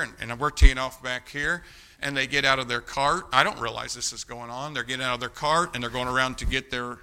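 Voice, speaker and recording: A mid-range male voice delivers a sermon, spinning a folksy story before urging young people on. He moves between quiet asides and loud exhortation.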